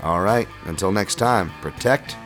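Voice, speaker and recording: Deep-voiced dude rambling through his podcast, lots of ums. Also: moderate pace, over loud music. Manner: relaxed, rambling, filler-heavy. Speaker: podcast host. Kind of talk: casual solo podcast talk.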